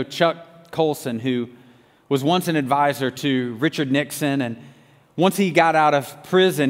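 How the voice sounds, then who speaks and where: A man's voice: a little high, long reverb tail. A man preaching a sermon, telling a story earnestly and often restarting his sentences. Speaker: pastor.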